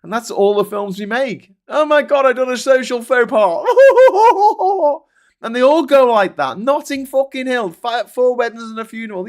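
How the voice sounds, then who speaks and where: A man hosting a casual chat, ranting and swearing freely as he answers viewers. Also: extremely high pitch. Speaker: host.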